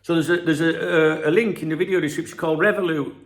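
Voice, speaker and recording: A middle-aged football channel host from Scarborough, England, rambles through a casual, profane vlog monologue, telling stories full of asides. His voice is on the high side and steady in tone, and he talks fast.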